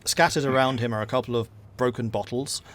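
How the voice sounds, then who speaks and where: Relaxed man running a tabletop game. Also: mid-range voice, brisk. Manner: relaxed, filler-heavy narration. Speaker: game master.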